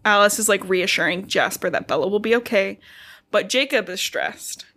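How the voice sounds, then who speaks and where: A woman's voice: medium pitch, moderate pace, a bit bright. A young woman hosting a podcast, casually recapping a novel in a chatty way with lots of filler words. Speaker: podcast host.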